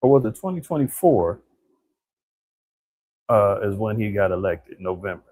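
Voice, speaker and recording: A man's voice: fairly low pitch, lively intonation, normal speed, darkish tone, dry recording, rough recording. A man giving a casual, conversational scripture commentary on current events, talking colloquially and often tossing in "man" and "right?". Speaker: preacher.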